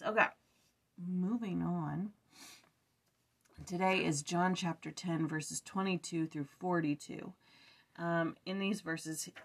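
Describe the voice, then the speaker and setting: At home, a tired young woman with a fairly low voice reads scripture aloud for her scripture study vlog, drifting into casual, chatty reflection. She trips over words, restarts, uses fillers, and corrects herself as she goes.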